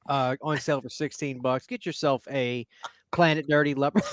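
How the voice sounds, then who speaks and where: A man's voice: medium pitch, fairly even intonation, normal speed. A man hosting a casual podcast chat, laid-back and laughing often between fillers. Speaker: podcast host.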